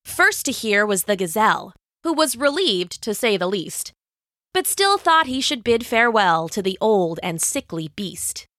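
A woman narrating a rhyming children's story in an expressive, sing-song way. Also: medium pitch, measured pace, no room sound, studio quality.

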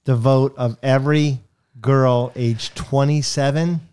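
A man's voice: medium pitch, fairly even intonation, slow, a little mellow, clean tone. Insistent, theatrical podcast co-host man. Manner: theatrical, insistent, repeats himself for effect. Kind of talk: casual podcast banter.

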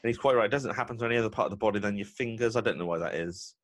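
A man's voice: on the low side, racing, a bit bright. A man hosting a podcast in casual, jokey chat. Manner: chatty, jokey, self-deprecating. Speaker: podcast host.

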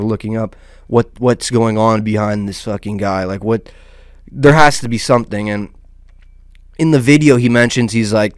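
A man's voice: on the low side, clear, resonant tone, dry recording, studio quality. A man hosting his own small online channel, rambling through casual, profane commentary full of restarts and "dude.".

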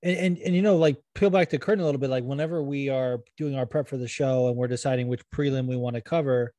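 A man's voice: mid-range voice, steady tone, fast talker, mellow, no room sound. Joking podcast man, dry room. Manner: joking, swearing, mock-boastful voices in quotes. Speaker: podcast co-host. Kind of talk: casual chat.

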